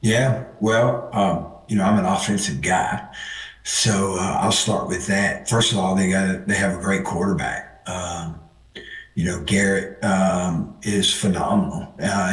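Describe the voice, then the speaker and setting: Guest coach, man, hoarse from the season, rambling with lots of ums, sits back from the mic. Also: lowish voice, recorded from a distance. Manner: rambling, many fillers. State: hoarse, losing his voice. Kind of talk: casual interview chat. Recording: roomy sound from off the mic.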